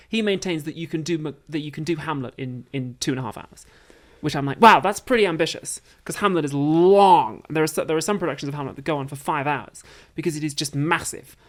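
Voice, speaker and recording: A woman with a low-pitched voice chatting as a guest on a talk show. She talks in an animated, enthusiastic way, building energy as she explains a point. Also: fast talker, hardly any pauses. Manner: animated, enthusiastic about theatre. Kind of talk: casual chat.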